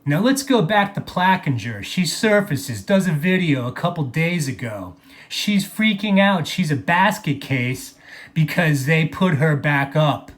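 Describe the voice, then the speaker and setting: A man's voice: fairly high pitch, expressive, unhurried. A man delivering an angry, profane vlog monologue, mocking people and repeating phrases for emphasis. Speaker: video blogger.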